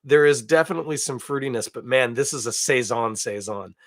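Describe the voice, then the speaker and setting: A man's voice: mid-range voice, a little fast, no room sound, clean studio sound. A man from Canada hosting a beer podcast alone, chatting casually and thinking aloud with self-deprecating asides. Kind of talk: casual solo tasting chat.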